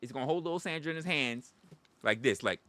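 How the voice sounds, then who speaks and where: A man's voice: fairly high pitch, animated, quick pace, pushed and bright, no echo. A man hosting a livestream, ranting comically and profanely. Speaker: livestream host. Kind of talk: comedic rant.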